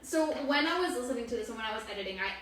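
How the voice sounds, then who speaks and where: A woman running a tabletop game, chatting with excitement and quick to laugh. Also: fairly high pitch, very echoey, recorded from a distance. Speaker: game master. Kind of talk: casual chat at a tabletop game.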